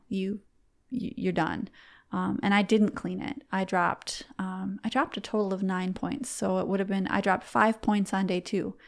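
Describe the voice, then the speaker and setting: Gravelly-voiced woman telling a heartfelt story. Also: medium pitch. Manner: heartfelt, halting, with frequent restarts. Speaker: podcast guest, competitive archer. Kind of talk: personal storytelling in conversation.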